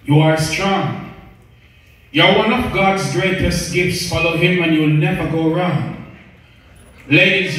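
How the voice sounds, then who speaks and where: A man's voice: sits high, fairly bright tone. A man performing spoken word poetry on the radio, reciting in a rhythmic, rhyming, preacher-like cadence. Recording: echoey, distant from the mic.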